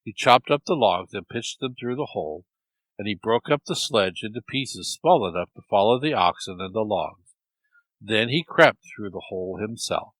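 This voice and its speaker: Lively low-voiced male storyteller. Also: normal speed, no room sound, rough recording. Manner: lively, expressive. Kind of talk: storytelling narration.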